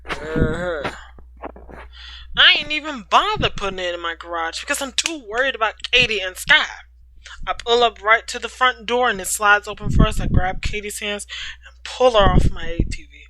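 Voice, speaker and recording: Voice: mid-range voice, moderate pace, sharp tone, slight background noise, low-quality recording. A storytime host reading a fan story aloud, stopping often for playful, slangy comments and laughs. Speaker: storytime reader.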